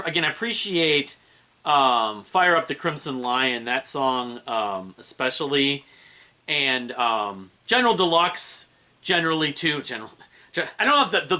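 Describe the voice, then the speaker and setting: A man's voice: on the high side, sing-song, normal speed, pushed and bright. A man reviewing an album in a casual, rambling way, with many fillers and restarts. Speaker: music reviewer.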